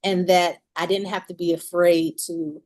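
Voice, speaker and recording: Expressive woman telling her story. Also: lowish voice, unhurried. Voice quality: expressive, laughs often while telling a story. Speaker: musician and author guest. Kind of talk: candid storytelling in an interview.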